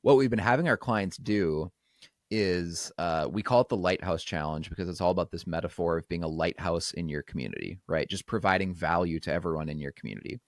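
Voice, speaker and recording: Deep-voiced male podcast host, steady explainer, dry close sound. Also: a little fast, no room sound.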